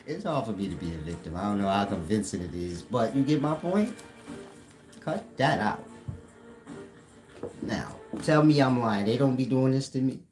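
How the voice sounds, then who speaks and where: A man talking casually to an online audience, full of slang and teasing mockery, breaking into laughter often. His pitch swings up and down a lot as he jokes, and music plays behind him. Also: lively intonation, moderate pace, darkish tone, rough recording. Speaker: online commentator. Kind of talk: casual livestream talk.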